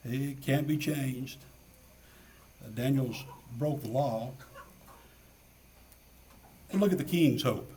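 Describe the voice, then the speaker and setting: A man's voice: mid-range voice, takes it slowly, pauses often, warm tone, distant mic, slight background noise. A man preaching a sermon in an earnest way, asking many rhetorical questions and repeating his key phrases.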